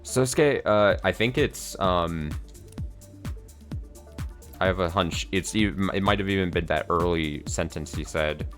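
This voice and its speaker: A man's voice: deep voice, measured pace, pauses often, a bit bright, soft background music. A man streaming a game, reading along and adding loose, joking asides. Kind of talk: casual game commentary.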